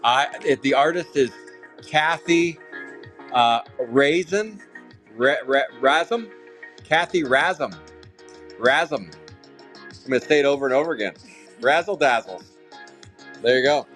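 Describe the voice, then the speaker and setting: Loud, excitable card-break host man. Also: medium pitch, measured pace, long pauses. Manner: loud, excitable, jokey hype. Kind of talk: live-stream card break commentary. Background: faint music.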